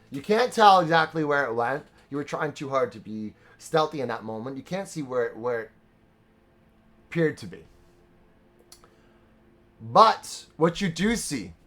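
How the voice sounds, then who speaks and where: Through a streaming mic, a young dungeon master runs a tabletop game live, blending laid-back chatter with dramatic storytelling. He speaks at a medium pitch with a fairly bright tone.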